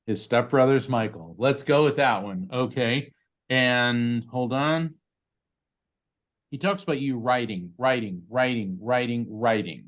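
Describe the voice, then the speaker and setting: Chatty male psychic medium. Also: mid-range voice. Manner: chatty, halting, with many fillers and restarts. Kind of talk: live reading for a bereaved parent.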